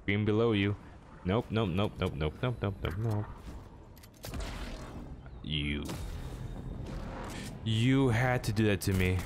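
A man's voice: fairly low pitch, lively intonation, takes it slowly, pauses often, noisy background. A young man commentating his own video game match at home, self-mocking and talking to his opponents. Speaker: gaming channel host.

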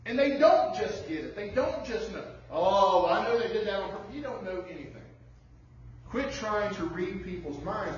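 A man preaching a sermon from some distance away, his voice bouncing around a very echoey hall. He sits a little high for a man and speaks in a conversational way, acting out bits of dialogue. The recording sounds dull and lo-fi, with a faint hum underneath. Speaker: pastor.

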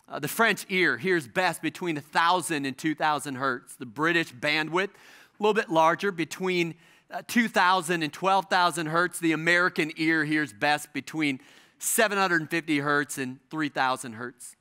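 A middle-aged male pastor preaching a sermon, stressing his points with repetition and dramatic pauses. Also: a little high, sharp tone, smooth.

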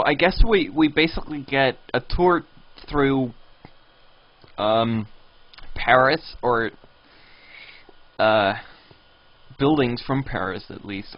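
A man streaming a video game live, rambling and reading signs and chat messages aloud. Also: medium pitch. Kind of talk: live gameplay commentary. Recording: dull lo-fi stream audio.

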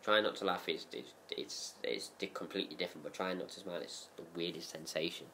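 A low-voiced man with a bright, forceful edge talks casually and rambles as he thinks aloud. Faint noise sits behind him. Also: fairly even intonation, fast talker. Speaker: co-host. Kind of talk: casual chat.

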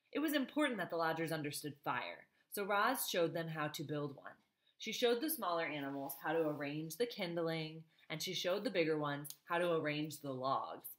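A woman's voice: deep voice, fairly bright tone. A woman reading a novel aloud, stopping for chatty asides to her listeners. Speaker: reader.

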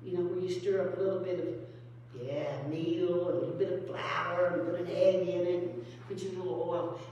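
A woman's voice: fairly even intonation, normal speed, warm tone, highs cut off. Female pastor, folksy storytelling sermon; recorded far off in a roomy church hall with a faint hum. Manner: storytelling, acts out phone calls and quotes in a high voice. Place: church sanctuary.

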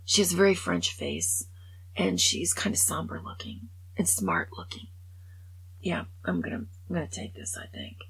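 A woman over 65, vlogging in a chatty, animated way as she comments on stories, and often drops to a whisper. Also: fairly low pitch, normal speed. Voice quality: gravelly and raspy. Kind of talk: casual monologue commenting on news stories.

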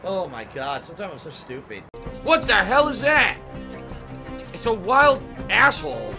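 A man streaming a game and commenting out loud, swearing, yelping and shouting, with sing-song asides. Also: high voice, sing-song, unhurried, music in the background. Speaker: gaming streamer.

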